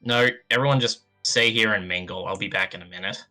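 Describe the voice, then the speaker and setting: Man playing a practical adventurer, very deep voice, bright edge. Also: a little fast, soft background music. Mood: calm.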